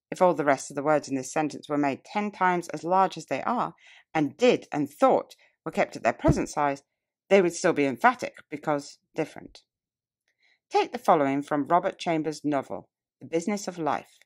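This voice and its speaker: Woman with a low voice reading a nonfiction audiobook, steady measured pace. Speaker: audiobook reader.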